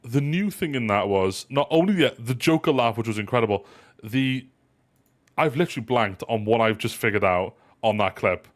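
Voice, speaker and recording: Casual male stream host, animated and playful, loose rambling delivery. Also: medium pitch, moderate pace. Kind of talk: casual live stream chat.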